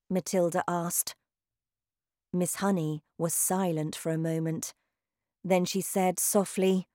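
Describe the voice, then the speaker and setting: Woman reading a simple storybook really slow, clear and careful, dry close sound. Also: fairly low pitch, steady tone, no echo. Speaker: narrator. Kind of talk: slow graded-reader audiobook narration.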